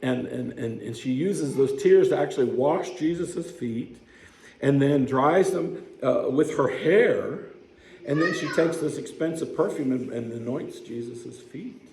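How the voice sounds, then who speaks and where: Gravelly pastor preaching in an echoey church. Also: male voice, mid-range voice, lively intonation, measured pace, a little mellow, a little hiss or hum. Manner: conversational storytelling, asks the congregation questions. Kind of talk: sermon. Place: church sanctuary.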